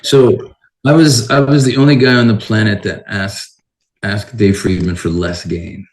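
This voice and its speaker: A man, a guitarist guest, tells casual stories in an interview and acts out each side of the conversations, swearing now and then. His voice sits fairly low. The sound has a noticeable echo of the room. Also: fairly even intonation, measured pace. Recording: roomy echoing sound.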